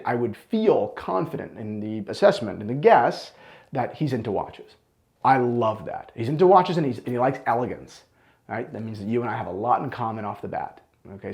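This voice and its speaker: Male watch reviewer, gravelly tone, blunt and enthusiastic opinions. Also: lowish voice, darkish tone. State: out of breath.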